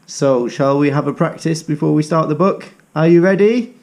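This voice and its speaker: A middle-aged teacher reading a picture book aloud to young children, coaxing them to join in. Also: male voice, fairly high pitch, normal speed, darkish tone.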